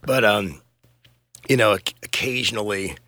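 Middle-aged male musician, laid-back rambling storyteller with a gravelly, bright, dry close-mic voice. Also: lowish voice, a little slow, no room sound, faint music behind. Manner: laid-back, rambling, swears and laughs often. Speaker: touring musician guest. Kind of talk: casual podcast interview.

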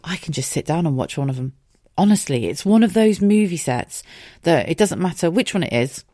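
A woman's voice: low-pitched, expressive, brisk, dark tone, no room sound, clean studio sound. A woman, hosting a casual solo podcast from home. She rambles chattily, swears freely and laughs often. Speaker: podcast host.

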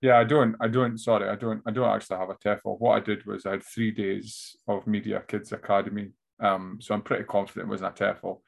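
A man with an Aberdonian Scottish accent, a stand-up comedian telling animated stories as an interview guest. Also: fairly low pitch, a little fast, gravelly, hardly any pauses. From Scotland. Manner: animated storyteller who slips into voices. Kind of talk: casual interview chat.

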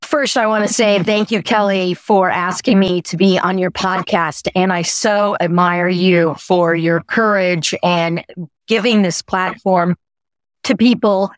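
A woman in her sixties from the United States, a podcast guest who is a little teary, telling her story in a lively, effusive way. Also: fairly low pitch, no room sound. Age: 60s. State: teary, weepy. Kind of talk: conversational storytelling.

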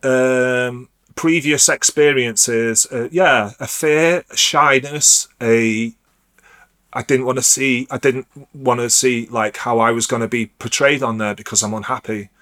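A man's voice: mid-range voice, steady tone, a little slow, fairly bright tone. A middle-aged man telling his story as an interview guest. He rambles, circles back and restarts his sentences, full of fillers. His voice sits in a plain middle register. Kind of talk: candid storytelling.

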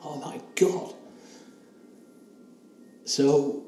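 With a mid-range, warm voice and lively intonation, a man in his 60s earnestly shares a personal story as an interview guest. He tells it emotionally and haltingly, quoting dialogue along the way. There's a roomy echo and faint hiss in the background.

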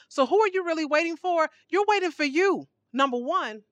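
Speaking a little fast with few pauses, a woman with an extremely high voice preaches on a podcast in a clean, echo-free studio. Her sermon is emphatic and packed with rhetorical questions, her voice climbing and dropping in animated swings.

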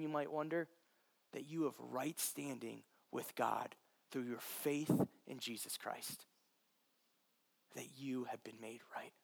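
A man's voice: medium pitch, vocal fry. A man preaching a sermon as pastor, passionate and earnest, addressing listeners directly.

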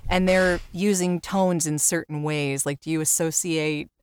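A woman hosting a podcast interview, speaking in a soft, soothing and clear voice. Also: low voice, steady tone, a little slow, no echo, studio quality. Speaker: podcast host.

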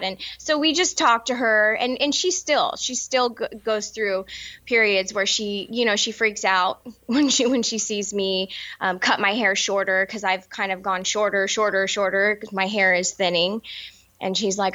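A woman in her thirties speaking candidly in an interview, halting often with fillers and restarts. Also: medium pitch, bright, forceful tone, lo-fi sound. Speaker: interview guest. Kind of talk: personal interview.

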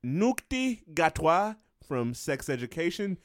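Lively, playful male podcast co-host. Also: on the high side, takes it slowly, dry recording, studio quality. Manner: playful, reads nominee lists, laughs often. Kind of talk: casual podcast chat.

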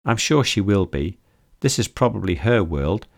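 A man voicing a gentle, motherly woman who speaks soothingly and affectionately. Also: fairly low pitch, animated, moderate pace, creaky, no room sound, clean studio sound. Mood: reassuring.

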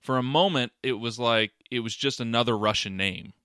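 A man's voice: mid-range voice, brisk, bright, forceful tone, clear, resonant tone, dry recording, clean studio sound. A man co-hosting a podcast, chatting casually and giving firm opinions while stammering and repeating words. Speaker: podcast co-host. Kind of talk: casual chat.

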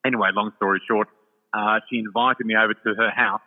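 This is casual storytelling from an older Australian man appearing as a psychic guest, gushing and chatty with plenty of fillers. He speaks on the low side, in a steady, brisk tone, and the audio is tinny and phone-like with a long reverb.

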